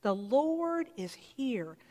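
A woman's voice: high-pitched, big pitch swings, very slow, dark tone, big-room sound. A woman pastor giving a sermon in a church, talking conversationally and putting rhetorical questions to the congregation.

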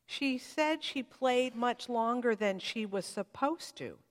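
Slow-spoken woman preacher in a reverberant hall. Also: a little high, expressive. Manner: heartfelt, reflective preaching with rising emphasis and quiet pauses. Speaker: pastor. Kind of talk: sermon.

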